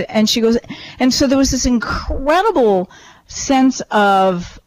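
A woman talking in a relaxed conversational way, reflecting thoughtfully as she shares ideas and anecdotes. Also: on the high side, slow, low-quality recording. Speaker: podcast co-host and teacher. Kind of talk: casual chat.

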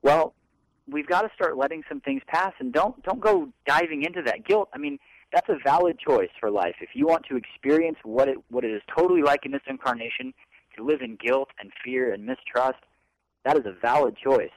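A man's voice: medium pitch, fairly quick, no echo, low-quality recording. A man co-hosting a self-help talk show, rambling earnestly and acting out his own inner thoughts. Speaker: co-host.

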